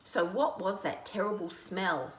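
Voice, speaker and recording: An older woman reading a children's storybook aloud in a playful, lively way, with laughing asides. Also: medium pitch, measured pace, a little hiss or hum. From Australia. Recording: echoey room.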